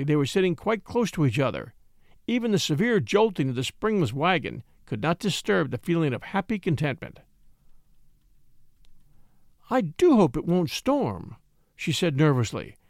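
A man narrating an old-fashioned tale with an expressive storytelling delivery. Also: a little high, no room sound, clean studio sound.

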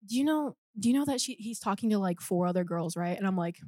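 A woman's voice: medium pitch, expressive, fast talker, a little mellow, dry recording, studio quality. A woman telling a story in casual chat, filling it with "like" and acting out what people said. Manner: chatty, full of "like", acts out quotes.

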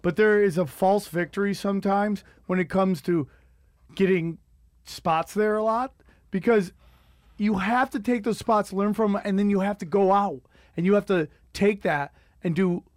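High-voiced man telling profane stories. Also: normal speed, no room sound, studio quality. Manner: profane storytelling, acts out quotes. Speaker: podcast host. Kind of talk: casual chat.

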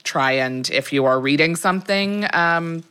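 A woman with a notably low voice chats on a podcast as co-host. She rambles earnestly and sometimes jumps up in pitch for emphasis. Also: a little slow, fairly bright tone, smooth. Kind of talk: casual podcast chat.

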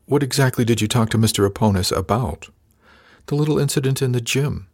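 A man's voice: medium pitch, fairly quick, a little mellow, dry recording, studio quality, voice pushed up, close to an everyday voice. A man reading the part of a stern, bullying male first mate on a ship, cold, clipped and threatening. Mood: menacing.

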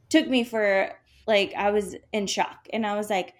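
Animated woman telling a story with many fillers. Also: fairly high pitch, slow. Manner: animated, lots of "like" fillers, acts out quotes. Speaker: podcast co-host. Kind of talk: casual storytelling chat.

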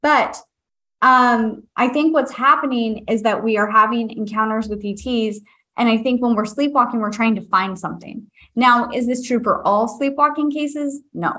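Young woman podcast host, confiding storyteller, a bit higher voice, loose and chatty. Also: moderate pace, pushed and bright. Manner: chatty, confiding, many fillers and asides. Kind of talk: casual storytelling to live listeners.

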